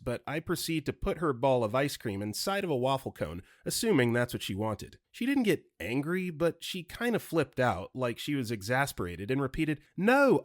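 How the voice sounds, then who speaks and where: A man reading internet stories aloud with amused, animated commentary. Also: mid-range voice, no echo, clean studio sound. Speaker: story reader.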